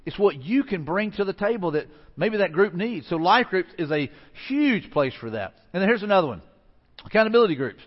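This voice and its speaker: A man's voice: high-pitched, big pitch swings, a little fast, big-room sound, muffled recording. A man pastor delivering a conversational sermon, telling stories with frequent restarts. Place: church sanctuary.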